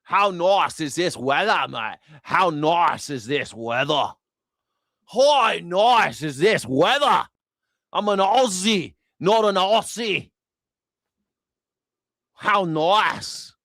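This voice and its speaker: A man's voice: mid-range voice, sing-song, unhurried, few pauses, a bit bright, dry recording, clean studio sound. A man voicing a boisterous, exaggerated mock Australian bloke, drawing out slang in an overdone way.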